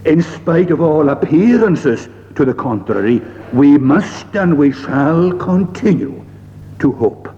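Slow, deliberate preacher man in a hall. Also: on the high side, expressive, mellow. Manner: slow, measured delivery with frequent "uh" pauses and archaic scripture phrasing. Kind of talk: sermon. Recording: dull lo-fi recording in a reverberant hall.

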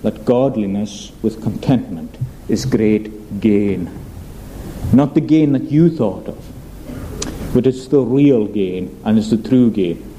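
A man preaching a sermon with a very dark, mellow voice. He speaks earnestly and measuredly and slows down to stress key phrases. A faint hiss of noise sits under the recording. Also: on the low side, poor audio. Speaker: pastor.

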